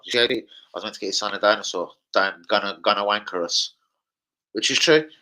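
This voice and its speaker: A man's voice: lowish voice, expressive, quick pace, sharp tone, poor audio. A man hosting a football fan channel, hyper and slangy, swearing freely through casual chat and a transfer news roundup.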